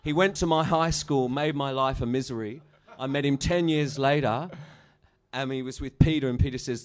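A man's voice: mid-range voice, a little fast. A middle-aged musician telling rambling, profane stories in a casual interview, laughing at his own anecdotes. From Australia. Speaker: musician guest.

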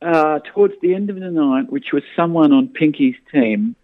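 A man's voice: on the high side, moderate pace, dry recording. Man storytelling over a phone line. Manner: animated storyteller, frequent restarts. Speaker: comedian guest. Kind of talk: casual radio interview.

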